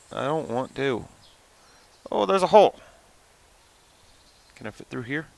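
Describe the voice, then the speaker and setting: A young man giving casual gameplay commentary, goofy and swearing, who often jumps into high excited yelling. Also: a little slow, gravelly, pauses often, poor audio. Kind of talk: casual let's-play commentary.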